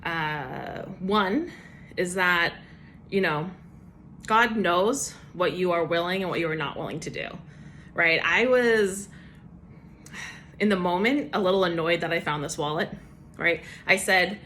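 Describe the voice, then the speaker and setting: Bright-voiced woman sharing a church testimony. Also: fairly low pitch, measured pace, long pauses, slight background noise. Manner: casual, chatty with many fillers and laughs. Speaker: church member giving a devotional. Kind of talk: personal testimony devotional.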